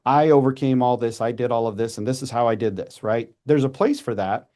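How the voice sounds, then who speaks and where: Podcast guest, man in his 40s, warm mellow tone, chatty and animated, restarts often. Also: medium pitch. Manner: animated, with quick restarts and acted-out asides. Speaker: podcast guest, messaging coach. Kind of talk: casual conversational advice.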